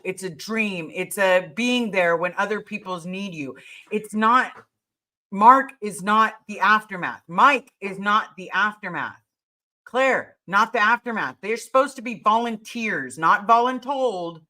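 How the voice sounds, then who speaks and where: A woman's voice: medium pitch, bright, forceful tone. A woman hosting a casual livestream, answering viewer questions in an earnest, emphatic way and repeating her key words.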